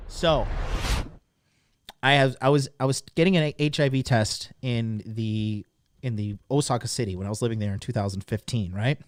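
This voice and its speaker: A man hosting a livestream, telling a crude story to his chat in a casual, animated way, swearing freely. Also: mid-range voice, normal speed. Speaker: livestream host. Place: lived abroad in Japan.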